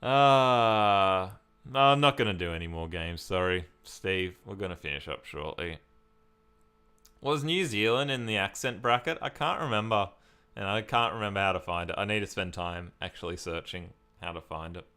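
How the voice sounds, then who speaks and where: A man's voice: low-pitched, lively intonation, moderate pace, pushed and bright, clean tone. An Australian man from Victoria, chatting casually on a live stream as he reads and answers viewer comments.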